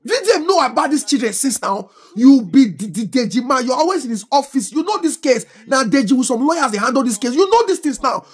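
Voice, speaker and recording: A middle-aged woman with a Nigerian Pidgin English accent, delivering impassioned political commentary in an animated, scolding way, full of rhetorical questions. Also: high voice, fast talker, hardly any pauses, slightly rough. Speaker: social media commentator.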